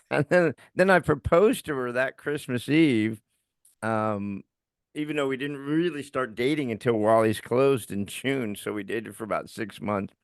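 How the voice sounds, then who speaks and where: A middle-aged man co-hosting a podcast, telling a story in a casual, animated way and laughing often as he talks. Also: mid-range voice, unhurried, clear, resonant tone, no room sound, studio quality. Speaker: podcast co-host.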